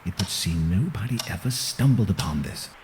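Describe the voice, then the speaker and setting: Defiant young writer sleuth, very low voice that swings widely, loud hiss behind. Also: male voice, expressive, normal speed. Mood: determined. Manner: earnest, defiant. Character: stubborn young male writer investigating a murder. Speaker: game character on the phone.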